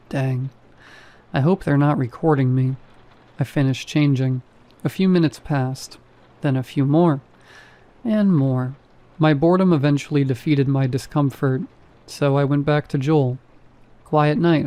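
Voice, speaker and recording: A man narrates a first-person horror story with a wry, conversational touch. His voice is mellow and dark-toned, sitting at an ordinary middle pitch.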